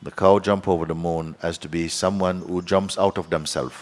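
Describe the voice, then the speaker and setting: A man's voice: low-pitched, steady tone, normal speed. A man, a spiritual teacher, telling a story at a satsang and acting out the voices of its people, chuckling as he goes.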